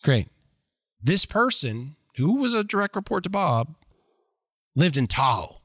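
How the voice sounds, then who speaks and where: Blunt, animated man telling stories. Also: high-pitched, measured pace, no room sound, clean studio sound. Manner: animated, blunt, self-deprecating, acts out quoted dialogue. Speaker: interview guest, sales executive. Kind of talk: candid conversational storytelling.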